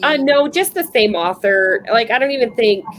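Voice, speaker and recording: A woman's voice: on the high side, expressive, moderate pace, fairly bright tone, a little hiss or hum, low-quality recording. A woman hosting a book club chat over a video call, talking casually with lots of restarts and fillers. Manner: chatty, hesitant, many likes and restarts. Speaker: book club livestream host.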